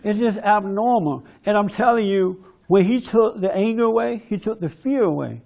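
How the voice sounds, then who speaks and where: Brief: high, gravelly male speaker, forceful preacher style, conference talk. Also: moderate pace. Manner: preachy, forceful, mimics others in quoted bits.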